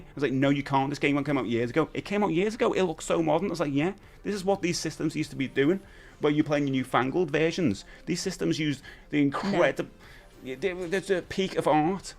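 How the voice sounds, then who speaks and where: A British man in his forties hosting a casual live stream, animated, jumping between excited high bursts and low mutters. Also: a little fast. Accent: British English. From United Kingdom. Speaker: livestream host.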